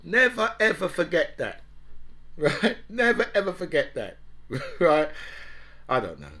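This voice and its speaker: Animated, laughing man. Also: on the high side, unhurried. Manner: rambling, repeats "right?", laughs often. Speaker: talk show host. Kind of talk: casual monologue.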